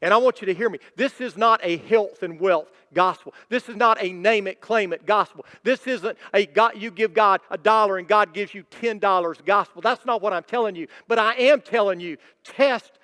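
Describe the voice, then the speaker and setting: A man's voice: sits high, normal speed, few pauses, pushed and bright. A man preaching as a pastor, emphatic and repetitive, building in intensity. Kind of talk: sermon. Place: church sanctuary. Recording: long church hall reverb.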